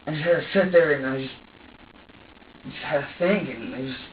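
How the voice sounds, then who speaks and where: A man's voice: fairly high pitch, narrow, tinny audio, a little hiss or hum. Agitated man, distant echoey interrogation recording. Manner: agitated, swearing, halting with many restarts. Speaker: suspect in a police interrogation. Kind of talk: emotional confession. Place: police interrogation room.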